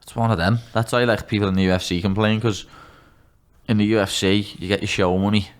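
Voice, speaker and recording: A man's voice: lowish voice, fairly even intonation, a little fast, clean tone. A young man in his twenties with a Scouse accent, a guest on a podcast, talking bluntly and candidly, swearing freely and calling everyone "lad". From Liverpool, England. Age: 20s. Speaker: guest, MMA fighter.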